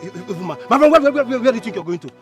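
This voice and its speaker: A Nigerian man playing a furious younger brother who shouts, repeats himself and stammers in a family feud. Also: high-pitched, big pitch swings, very fast, soft background music. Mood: angry. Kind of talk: Nollywood film acting.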